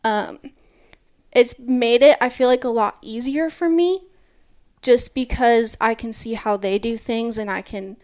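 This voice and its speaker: High-voiced young woman telling a story. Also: unhurried. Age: early 20s. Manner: animated, lots of "like", acts out quotes. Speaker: mountain bike racer guest. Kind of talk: casual interview storytelling.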